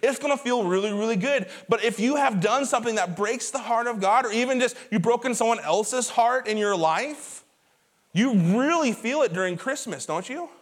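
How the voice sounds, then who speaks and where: High-voiced man preaching a sermon. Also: normal speed. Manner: conversational, animated storytelling with repeated words. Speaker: pastor. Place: church auditorium before a congregation.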